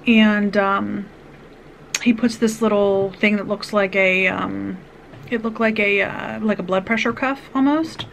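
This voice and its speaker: A woman vlogger tells a personal story in an earnest, rambling way, circling back with restarts and asides. Her voice sits at a middle pitch. A faint hiss runs under her words. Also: steady tone, measured pace, creaky, poor audio.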